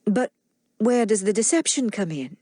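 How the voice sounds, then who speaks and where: A woman voicing a gentle young wife and mother who speaks earnestly and gets flustered easily, pitched a bit above her own voice. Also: lively intonation, moderate pace, no echo, studio quality, lightly acted.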